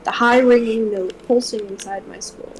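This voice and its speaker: A woman streamer reading a gothic horror novel aloud in a steady first-person voice. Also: fairly high pitch, normal speed, slight background noise, low-quality recording.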